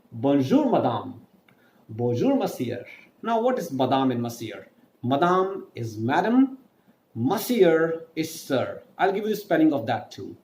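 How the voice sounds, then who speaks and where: A man with an Indian English accent teaches a French class, with a voice a touch higher than most men's. He says key points twice and spells words out letter by letter. The room is echoey, with a faint hum behind him. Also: darkish tone. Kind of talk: online language lesson.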